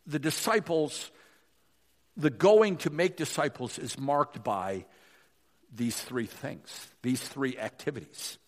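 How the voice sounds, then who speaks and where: A male pastor preaching a sermon, swinging from emphatic rises to hushed drops. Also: mid-range voice, takes it slowly. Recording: long reverb of a large hall.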